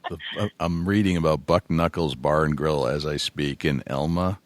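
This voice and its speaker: A podcast host asks curious follow-up questions in a relaxed interview. His voice is extremely deep and low. It is recorded dry and close, with no room sound. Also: normal speed, no room sound.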